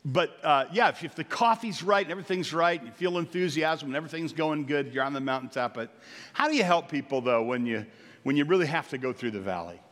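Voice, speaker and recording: A middle-aged male pastor preaching a sermon to his congregation, telling stories with jokey asides and swinging from quiet to loud. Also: a little high, fast talker. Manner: storytelling, jokey asides, animated swings in volume. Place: church sanctuary. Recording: long hall reverb.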